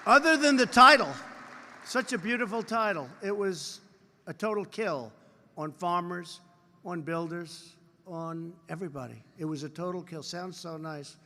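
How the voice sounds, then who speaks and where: An older American man in his seventies delivers a speech from a podium, his voice pitched high and sharp-edged. He keeps repeating himself and drifting into boastful asides aimed at the crowd. The long reverb of a huge hall trails every phrase. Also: normal speed, slight background noise. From United States. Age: 70s. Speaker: politician giving a speech. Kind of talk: public speech with off-script asides. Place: large convention hall, on stage.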